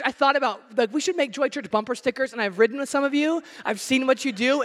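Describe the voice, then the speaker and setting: In a large hall, a pastor with a very high voice preaches an energetic sermon, joking with his listeners and shouting certain words for emphasis.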